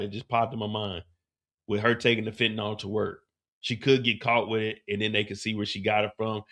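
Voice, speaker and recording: A man hosting a livestream, casually recapping a TV episode in an animated, profane, slangy way. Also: lowish voice, creaky. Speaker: livestream host.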